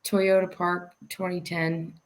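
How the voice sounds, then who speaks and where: A woman's voice: fairly low pitch, little pitch movement, slow pace. A woman in her thirties, a podcast guest, telling stories in casual chat, laughing often and restarting her sentences.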